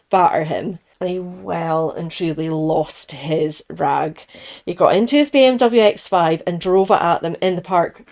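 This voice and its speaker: A woman's voice: on the low side, a little mellow. A woman hosting a true crime podcast, telling the case in a chatty, opinionated way and often correcting herself.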